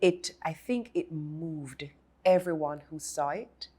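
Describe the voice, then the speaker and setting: A woman's voice: sits low, slow pace, a little mellow, slightly rough. A woman hosting an interview, effusive and admiring of her guest. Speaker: host.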